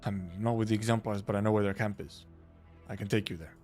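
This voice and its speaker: A man voicing a weary wandering man who speaks in short, guarded, flat lines. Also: quick pace, faint music behind, natural voice. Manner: terse, low, flat.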